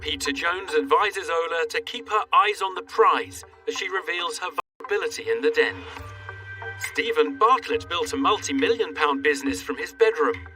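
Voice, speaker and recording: A man narrating a reality business show in a crisp, scripted voice-over. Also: high-pitched, distant mic, rough recording. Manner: crisp, measured voice-over delivery. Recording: voice-over with faint music.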